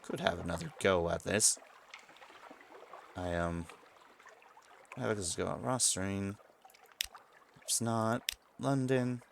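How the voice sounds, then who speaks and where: A man with a deep voice and a gravelly texture talks through a video game. He muses over his choices in an easy, casual way and reads the game's text aloud to himself. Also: slow pace, pauses often, background noise. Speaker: let's play streamer.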